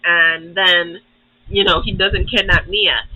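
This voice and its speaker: Young man, high voice, dry close recording, casual rambling recap, lots of swearing. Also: steady tone, takes it slowly, bright, forceful tone, dry recording, dull audio. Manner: profane, rambling, acts out characters. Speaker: YouTube host.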